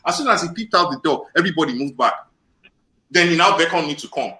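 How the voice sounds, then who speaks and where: Man from Nigeria, high and bright voice, lively storyteller, echoey room. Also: fast talker. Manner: animated storyteller, acts out quoted voices. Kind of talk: casual chat.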